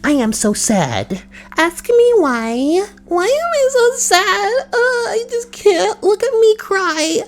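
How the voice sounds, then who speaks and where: A man doing a whiny, needy young woman's falsetto. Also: big pitch swings, slow, exaggerated voice. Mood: mock-sad whiny. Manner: fake-sad, self-pitying, needy. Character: whiny attention-seeking young woman fishing for sympathy online.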